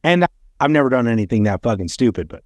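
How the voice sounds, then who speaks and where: A man hosting a podcast in casual chat, blunt and swearing in quick bursts. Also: medium pitch, big pitch swings, darkish tone, dry recording, dull audio. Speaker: podcast host.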